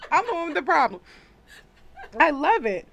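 A woman's voice: high voice, very animated, moderate pace, gravelly, a bit bright, dull audio. A woman hosting a podcast, chatting casually and bluntly, cursing and laughing as she reads listener comments. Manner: blunt, profane, laughs a lot. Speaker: podcast host.

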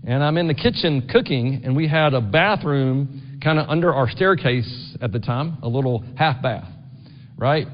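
A man's voice: medium pitch, moderate pace. A middle-aged man preaching a sermon in a church, talking conversationally and often asking the congregation "right?". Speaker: pastor. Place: church sanctuary. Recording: dull long-reverb church recording.

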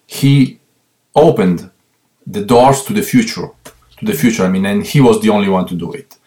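A man with an Italian accent, a guest on a remote call, speaking English as a second language with many pauses and restarts. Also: lowish voice, dark tone. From Italy. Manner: halting, many fillers and restarts, earnest. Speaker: guest musician. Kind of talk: interview answers.

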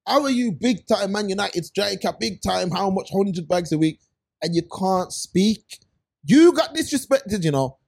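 A man with a notably high voice, talking in loose, emphatic podcast banter. He speaks with lots of street slang and sudden bursts of emphasis. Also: lively intonation, a little slow, vocal fry, a little mellow. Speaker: podcast co-host.

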